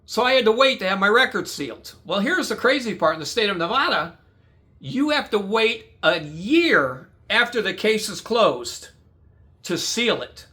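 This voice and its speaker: Man, bright high voice, blunt angry storyteller, swears freely. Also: very animated, moderate pace. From United States. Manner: blunt, heavy swearing, re-enacts dialogue. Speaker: guest telling his story.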